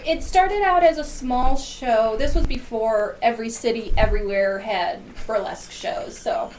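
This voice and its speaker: Chatty guest, Midwestern woman with a Wisconsin accent, bright laugh, faint hiss behind. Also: fairly high pitch, normal speed, echoey room, low-quality recording. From American Midwest. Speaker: guest burlesque show producer. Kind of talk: casual chat.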